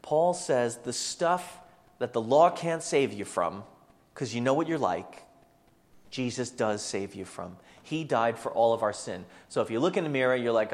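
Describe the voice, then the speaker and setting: A man preaching from the pulpit, his voice carried by a long, ringing hall reverb. He sits at an ordinary middle pitch and keeps things animated, slipping into the voices of the people he quotes. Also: moderate pace. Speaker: pastor. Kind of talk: sermon.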